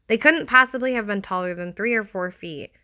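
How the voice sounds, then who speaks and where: A woman narrating a scripted horror story in a steady, expressive way. Her voice is bright and forceful, with a medium pitch. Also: fairly quick.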